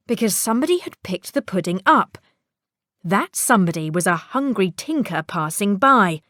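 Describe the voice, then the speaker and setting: A woman reading a children's storybook aloud, expressive and playful with sound-effect words. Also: mid-range voice, moderate pace, no echo, clean studio sound.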